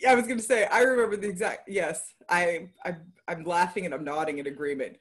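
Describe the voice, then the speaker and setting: A woman's voice: lowish voice, fairly quick, breathy edge. A woman chatting casually, candid and dramatic as she tells a personal story. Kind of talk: casual chat about surgery recovery.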